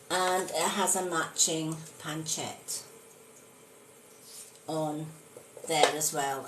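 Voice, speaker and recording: A woman's voice: mid-range voice, darkish tone, reverberant, a little hiss or hum, rough recording. A woman demonstrating on a live stream, speaking earnestly with many fillers. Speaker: spiritualist hosting a live stream. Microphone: phone.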